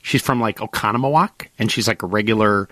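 A middle-aged man hosting a casual talk show, telling a story with lively acted-out quotes. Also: fairly low pitch, brisk, no room sound, clean studio sound. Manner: animated storyteller, acts out quotes.

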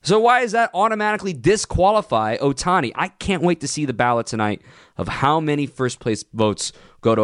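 A man hosting a sports radio show, ranting with opinionated, punchy emphasis and sudden jumps in pitch. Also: dry recording, clean studio sound.

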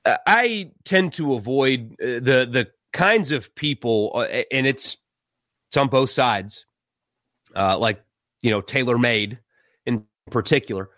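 Animated sports talk host. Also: male voice, medium pitch, unhurried, no echo, clean studio sound. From South Carolina. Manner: animated, exasperated, laughs and sighs. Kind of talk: casual live-stream commentary.

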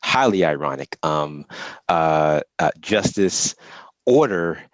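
A man co-hosting a talk show, speaking in a measured, deliberate way. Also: extremely low pitch, lively intonation, dry recording. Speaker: co-host. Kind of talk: conversational radio talk.

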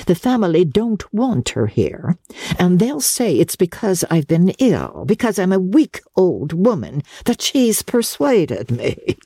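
A reader putting on a sly, domineering old grandmother from an audiobook, pitched up and archly theatrical. The delivery is slow and unhurried and swoops widely in pitch. The tone is mellow, with a husky edge. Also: huge pitch swings, no room sound, clean studio sound, full character voice. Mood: coaxing. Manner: coaxing, archly theatrical, higher voice. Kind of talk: audiobook character voice.

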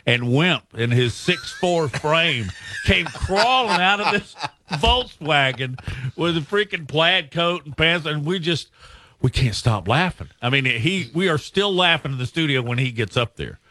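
A man's voice: fairly high pitch, animated, measured pace, bright, forceful tone, dry recording. A male radio host reminiscing on air in a casual, storytelling way, chuckling and drawing out his punchlines.

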